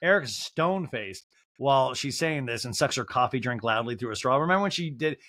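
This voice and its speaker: A man's voice: mid-range voice, quick pace, a bit bright, no room sound. A man hosting a podcast, giving a rambling, comedic recap of a reality show with lots of fillers like "like". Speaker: podcast host.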